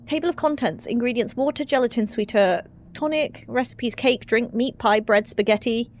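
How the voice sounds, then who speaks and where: A woman streaming a horror game, commenting excitedly, swearing casually and reading the game's dialogue aloud in character. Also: on the high side, moderate pace. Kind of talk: let's play commentary.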